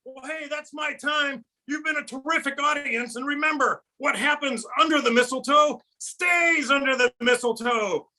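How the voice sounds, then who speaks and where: A man's voice: extremely high pitch, moderate pace, hardly any pauses, heavily acted. A man doing a brash punning puppet comic. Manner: punny, brash, shouting punchlines. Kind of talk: stand-up comedy with puppet.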